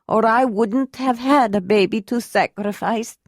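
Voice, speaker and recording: Female reader doing a hurt, dignified young woman for a storybook audiobook: slow, controlled, a touch higher, bitter underneath. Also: no echo, studio quality. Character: Ayla, young woman, wounded, proud, dignified. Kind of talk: audiobook character reading.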